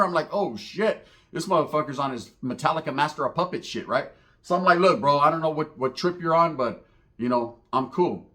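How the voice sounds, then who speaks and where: Dude from norcal telling a wild story, cussing, super lively voice going up and down. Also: male voice, on the high side, a little fast. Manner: animated, profane, slangy, acts out voices in the story. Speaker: comedic storyteller. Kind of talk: comedic street storytelling monologue.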